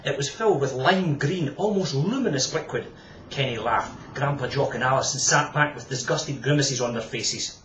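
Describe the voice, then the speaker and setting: A man reading his own children's book aloud, lively and expressive. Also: mid-range voice, normal speed. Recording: echoey room, distant dull mic.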